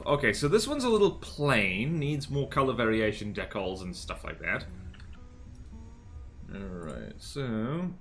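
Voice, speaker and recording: A man's voice: medium pitch, very animated, unhurried, soft background music. A man from the American South giving rambling, casual live-stream commentary on a game, full of fillers and restarts. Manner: rambling, many fillers and self-corrections.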